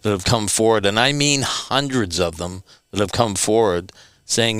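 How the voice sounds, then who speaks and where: A man, a returning guest, telling stories in an animated, emphatic way and repeating words for stress. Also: fairly low pitch, normal speed, smooth, no echo. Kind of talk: animated storytelling.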